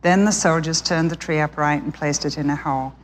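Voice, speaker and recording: A woman Bible teacher giving a sermon as an expressive children's story. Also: low-pitched, a little fast, a little hiss or hum.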